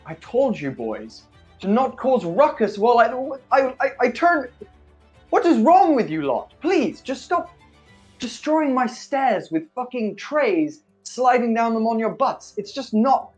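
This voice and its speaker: A man's voice: extremely high pitch, sing-song, measured pace, soft background music, pitched above the performer's own voice, full character voice. A man voicing an exasperated guardian of unruly teenage boys who scolds and swears at them. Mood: scolding.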